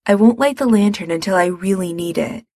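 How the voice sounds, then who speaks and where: A woman's voice: mid-range voice, a little fast, a little mellow, no echo, studio quality, natural voice. A woman reading aloud, voicing a determined young man who speaks firmly and bluntly. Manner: firm, blunt.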